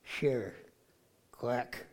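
A man's voice: mid-range voice, lively intonation, very slow. A man voicing a touchy male dodo bird puppet in denial, stubborn and insistent during a puppet skit in a children's message. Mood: indignant.

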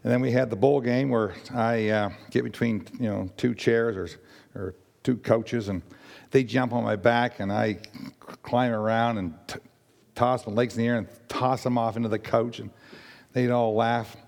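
An older man from Nova Scotia with a raspy voice, giving a rambling personal testimony to a church congregation with many fillers and restarts. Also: mid-range voice, fairly even intonation, normal speed, darkish tone, in a large hall.

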